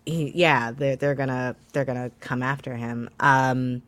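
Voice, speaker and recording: A woman's voice: very deep voice, steady tone, a little slow. A woman co-hosting a casual political talk show, chatty and hesitant, with many fillers and restarts. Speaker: co-host.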